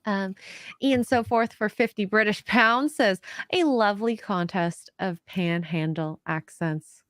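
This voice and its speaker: A woman's voice: medium pitch, unhurried, fairly bright tone, no echo. Woman cohost reading donos, chatty, laughs a lot, dry sound. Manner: chatty, laughs easily, trails off in restarts. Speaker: podcast co-host. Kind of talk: casual chat, reading out donations.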